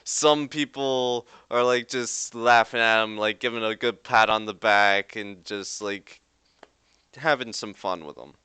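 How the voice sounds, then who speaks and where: Bright, crisp-voiced young man narrating a game. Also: lowish voice, a little slow, dry recording. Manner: rambling with frequent "like" fillers. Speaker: game master.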